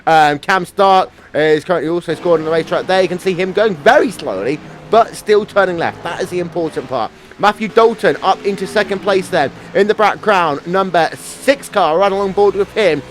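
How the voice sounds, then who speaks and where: A man's voice: high-pitched, normal speed, hardly any pauses, slight background noise. A man commentating an online sim race, playful and joking, reading mock sponsor plugs.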